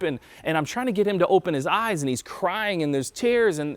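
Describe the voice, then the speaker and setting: Guy preaching casual sermon, tells stories, does little voices, kinda high pitched, dry mic. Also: lively intonation, normal speed, hardly any pauses, no echo. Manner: conversational storytelling, acts out quotes. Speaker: pastor. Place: church.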